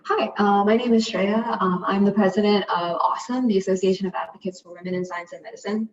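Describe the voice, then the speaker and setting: A woman's voice: medium pitch, steady tone, quick pace, distant mic. A young woman, a student group president, presenting chattily on a video call with many fillers. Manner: chatty, fillers, speaking softer in places. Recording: dull lo-fi audio, off mic.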